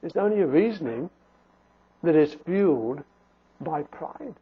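A man with a high, husky voice preaches a sermon, pressing his listeners with pleading rhetorical questions. The sound is thin and narrow, like a phone line. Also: lively intonation, a little slow.

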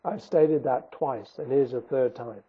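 A man's voice: mid-range voice, measured pace, husky. A man preaching a sermon in an earnest, emphatic way, repeating his key phrases for weight. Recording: tinny phone-like recording.

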